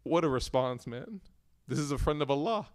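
A man's voice: on the high side, expressive, moderate pace. A man teaching an Islamic lecture, telling stories in an earnest, emotional way and reciting Arabic verses. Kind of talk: religious lecture with storytelling.

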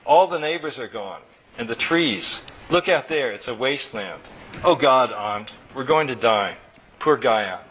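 A man's voice: medium pitch, animated, a little slow, a bit bright, lo-fi sound, slight background noise. A man reading aloud, voicing an anxious, distraught mother. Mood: dismayed.

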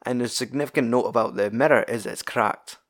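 A man's voice: mid-range voice, fairly quick. A man with a Scottish accent recapping a film plot in a casual, rambling way, swearing freely and laughing as he goes. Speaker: film reviewer.

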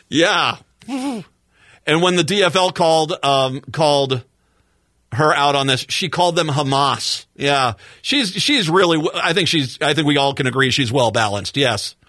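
A man's voice: high voice, bright, forceful tone, no echo. A middle-aged male radio talk show host giving a sarcastic, exasperated political commentary monologue into a studio microphone.

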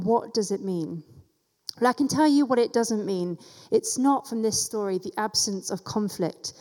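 Mellow-voiced woman teaching in a hall. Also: mid-range voice, moderate pace. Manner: conversational Bible teaching with casual asides. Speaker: church teacher. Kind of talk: sermon.

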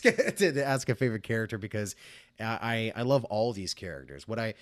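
A man's voice: fairly low pitch, dry recording. Enthusiastic rambling male podcast host. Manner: enthusiastic, rambling with many restarts. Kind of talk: casual podcast discussion.

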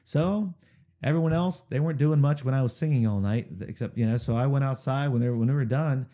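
Mellow-voiced chatty male storyteller. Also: medium pitch, fast. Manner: chatty, rambling storyteller who keeps checking in with "okay?". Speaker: singer-songwriter guest. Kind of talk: casual interview storytelling.

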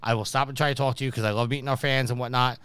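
New york guy hosting a podcast, bright crisp voice, dry close sound, tells stories and does the other people's lines. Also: medium pitch, steady tone, rapid-fire, no echo. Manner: storytelling, acting out quoted people. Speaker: podcast host. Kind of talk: casual podcast chat.

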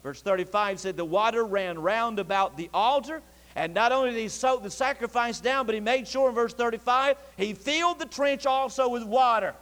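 A man preaching a sermon, telling the story in a folksy, animated way with Southern turns of phrase. His voice sits very high for a man, and it rings with the long reverb of a church sanctuary. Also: moderate pace.

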